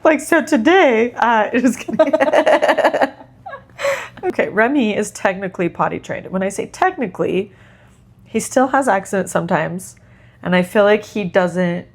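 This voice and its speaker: An expressive woman co-hosting a podcast, her voice rising and falling widely as she tells a story. Her pitch sits in the middle for a woman. She chats casually and laughs often, like a mother sharing stories with a friend. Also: measured pace. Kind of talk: casual chat.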